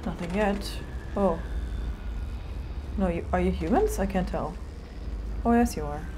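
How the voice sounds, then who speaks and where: A woman streamer with a slightly low voice who chats casually through her gameplay. She swears freely and talks back to the game. There is a faint hiss of noise behind her. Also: a little slow.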